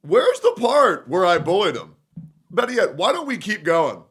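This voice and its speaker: A young man talks to his live chat in a heated, argumentative rant, swearing freely. His voice is bright and fairly high, and it swings widely in pitch as he presses his points. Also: huge pitch swings, moderate pace, breathy edge. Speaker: streamer.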